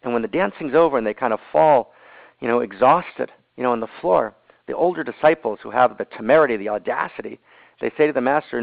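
A man's voice: mid-range voice, fast, creaky, no room sound. Man teaching over a tinny phone line. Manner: emphatic, repeats key phrases, frequent "you know" and "right?". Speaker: spiritual teacher leading a group call. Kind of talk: storytelling teaching.

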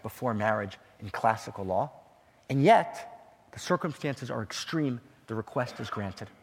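A man giving a storytelling sermon in a dramatic way, often asking "right?", with a husky voice and a long hall echo. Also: mid-range voice. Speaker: teacher.

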